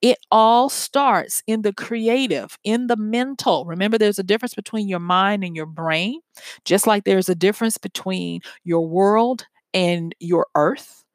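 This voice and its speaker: A woman's voice: medium pitch, unhurried, no echo. A woman giving an earnest, conversational motivational talk built on everyday examples.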